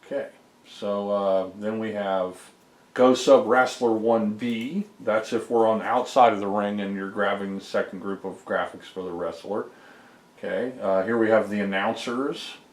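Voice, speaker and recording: A low-pitched man explains his game code in a loose, rambling vlog. He fills the pauses with ums and uhs as he goes step by step. His voice carries an echo from the room around him. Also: steady tone. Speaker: homebrew game developer. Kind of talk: casual screen-recorded dev vlog.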